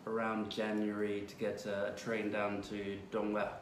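Low flat man, heard from afar. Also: normal speed, a little hiss or hum. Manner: brief agreeing interjections. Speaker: co-host. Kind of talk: casual chat. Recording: distant roomy livestream audio.

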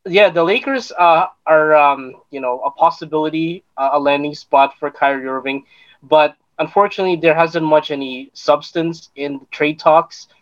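Man, sports podcast co-host, halting, stumbling, slightly high voice, dull lo-fi sound. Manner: halting, many fillers and restarts. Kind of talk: casual sports chat.

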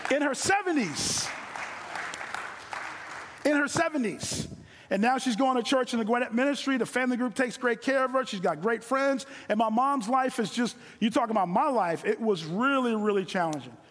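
A middle-aged man preaching a sermon from a stage, earnest and repeating phrases for emphasis, slowing down on key lines. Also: very high voice, a bit bright. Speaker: guest preacher. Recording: long hall reverb.

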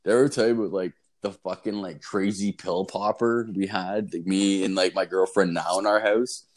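Low-voiced man, rambling, swearing storyteller. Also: fairly even intonation, normal speed. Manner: rambling, swears constantly, fills with "like" and "dude"; acts out quotes with sudden high yelps. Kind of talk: casual storytelling chat.

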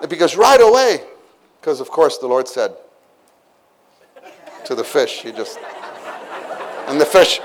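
Male preacher, slow delivery, slightly high voice, animated storytelling, faint background hum. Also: crowd noise. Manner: animated storytelling, acts out scenes with exclamations. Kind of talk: sermon.

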